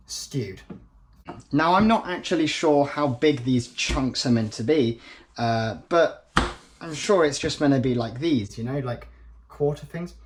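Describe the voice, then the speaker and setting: A man's voice: on the high side, background noise. A young man talking to himself while cooking in a home kitchen, chatty and self-mocking. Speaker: vlogger. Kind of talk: casual cooking vlog. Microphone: head-mounted action camera.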